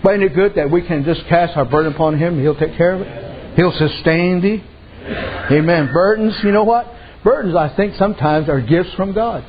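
High-voiced man preaching a folksy sermon. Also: normal speed. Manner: folksy storytelling, frequent amens and "you know". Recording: muffled with faint background noise.

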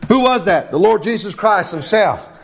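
Middle-aged male pastor, high-pitched, preaching with fervor and a steady stream of amens. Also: moderate pace, creaky, husky. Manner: fervent preaching, fills phrases with "Lord God" and "amen". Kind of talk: sermon.

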